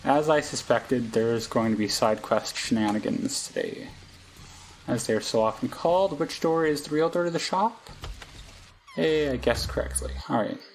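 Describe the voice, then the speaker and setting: A man's voice: medium pitch, normal speed, gravelly, a little hiss or hum, rough recording. A young man casually commenting while playing a game, chatty and hesitant with many asides, on a close desk mic at home. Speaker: let's play host.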